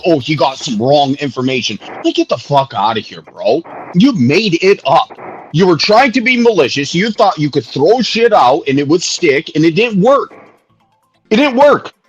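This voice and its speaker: A man's voice: on the high side, breathy edge. A man ranting angrily on a livestream, profane and heated, hammering the same jabs over and over. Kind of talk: angry livestream rant. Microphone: streaming mic.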